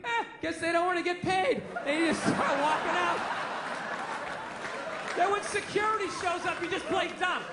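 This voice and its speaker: High-pitched guy doing a sweary stand-up rant, live club recording, noisy crowd and lots of echo. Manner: loud, ranting, profane, acts out clerks in quick asides. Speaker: stand-up comedian. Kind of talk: stand-up comedy set. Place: comedy club stage with a laughing audience.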